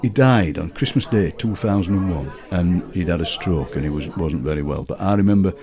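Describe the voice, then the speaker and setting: A man with a Barnsley Yorkshire accent, a writer and broadcaster telling lively family stories in a casual interview. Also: deep voice, fairly quick, a crowd in the background. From Yorkshire, England. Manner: lively storyteller, laughing and putting on relatives' voices.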